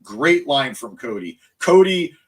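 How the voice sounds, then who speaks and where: Slow-paced, with big swings in his medium-pitched voice, a tired wrestling host rambles through a live recap stream. His voice cracks, and chat messages keep pulling him onto tangents.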